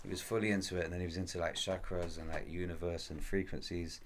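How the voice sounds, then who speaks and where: A man in a relaxed, slangy podcast chat, laughing often. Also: sits low, fast talker, slight background noise. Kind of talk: casual chat.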